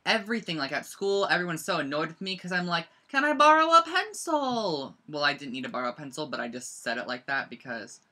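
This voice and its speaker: A teenager hosts a casual live-streamed craft lesson from a bedroom at home, picked up by the camera's own mic. The voice is bright and forward. The talk rambles along, full of "like" and quick side-stories. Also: mid-range voice, steady tone. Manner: rambling and chatty, heavy use of "like". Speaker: scrapbooking instructor.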